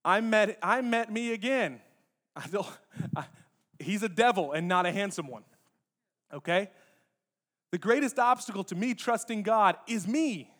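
A pastor with a noticeably high voice for a man preaches in a casual, conversational way. He talks straight to the congregation, slipping in playful jokes between points. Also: a little slow, long pauses. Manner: lively, joking asides to the congregation. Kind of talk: conversational sermon. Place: church sanctuary.

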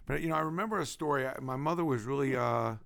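A man with a Brooklyn accent tells stories from his life, animated and emphatic. His voice has a gravelly edge and sits at a middle pitch. The sound is dry, with no room echo. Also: quick pace. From Brooklyn, New York. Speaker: guest. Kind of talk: casual storytelling.

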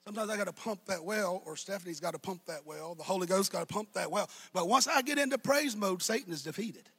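High, raspy pastor preaching in bursts. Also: male voice, quick pace. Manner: shouting, sing-song preaching cadence. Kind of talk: sermon.

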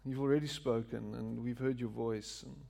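Gravelly-voiced pastor. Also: male voice, medium pitch, fairly even intonation, normal speed, dark tone. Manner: joking, then prayerful. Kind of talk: sermon with prayer. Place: church before a live congregation.

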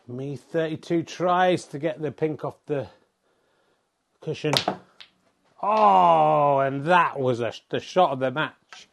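Brief: male comic commentator, excitable and sweary, pitched a little high, mocks himself. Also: measured pace, pauses often, a little hiss or hum. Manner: excitable, sweary, self-mocking. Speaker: host and commentator of a home snooker tournament.

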